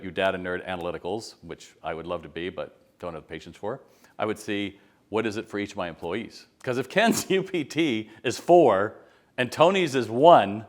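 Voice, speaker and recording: A middle-aged man giving casual, conversational retail business advice straight to camera and acting out quotes as he tells stories. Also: on the low side. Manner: conversational storyteller, acts out quotes. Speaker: retail consultant.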